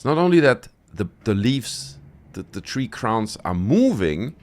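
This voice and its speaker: Low-voiced man commenting sarcastically. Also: very animated, unhurried. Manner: joking, sarcastic, laughs at footage. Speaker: YouTube host reacting to viral clips. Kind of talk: casual commentary.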